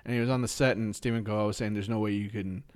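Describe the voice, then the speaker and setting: A man's voice: on the low side, steady tone, rapid-fire, darkish tone. A man in casual chat among friends, telling an anecdote with swearing.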